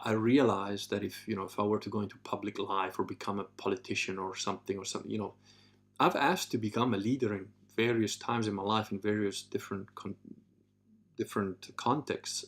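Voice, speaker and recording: Blunt, gravelly man chatting on a livestream. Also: steady tone, fairly quick, a bit bright. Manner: blunt and profane, acts out quoted people in high mocking voices. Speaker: livestream host; martial arts trainer. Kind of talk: casual livestream chat.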